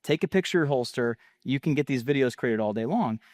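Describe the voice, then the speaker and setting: A man talks through marketing ideas with an energetic, salesy push. He speaks conversationally, at middle pitch. The recording is close and dry, with no room sound. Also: fast, no echo. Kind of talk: casual teaching talk.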